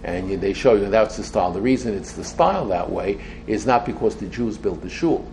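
An older man giving an informal Torah class to a small group. He talks in an excitable, rambling way and mixes Hebrew phrases into his English. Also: lowish voice, brisk, gravelly, slight background noise. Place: room with a small audience.

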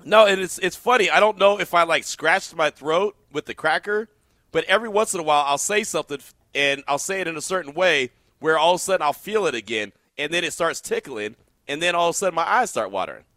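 A man's voice: on the high side, quick pace, no echo, clean studio sound. A man hosting sports talk radio, telling stories while fighting a tickle in his throat, his eyes watering. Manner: lively, storytelling, talks through a tickle in his throat. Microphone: studio mic.

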